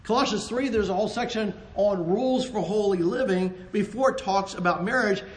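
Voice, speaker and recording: Brief: high-pitched man, earnest Christian marriage talk with jokes, roomy echo. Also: fairly quick. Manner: earnest and animated, joking, with repeated restarts. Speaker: co-host, married couple ministry.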